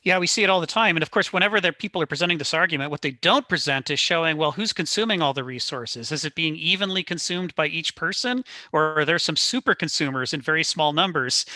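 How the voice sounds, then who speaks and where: A man leading a study group discussion, animated and laughing as he makes his points. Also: a little high, a little fast, hardly any pauses, no room sound.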